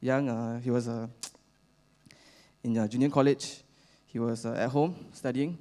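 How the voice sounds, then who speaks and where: Young Singaporean man, mid-pitched, casual rambling church talk full of fillers. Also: fairly even intonation, warm tone. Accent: Singaporean English. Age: young adult. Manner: halting, many fillers, chatty with slang particles. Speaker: youth speaker at church. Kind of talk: casual storytelling sermon.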